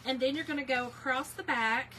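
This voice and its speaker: Bright-voiced chatty woman. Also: sits high, steady tone, a little fast, slight background noise, low-quality recording. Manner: chatty, chats with viewers while working, many fillers. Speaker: craft business owner demonstrating on a livestream. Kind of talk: casual livestream craft tutorial.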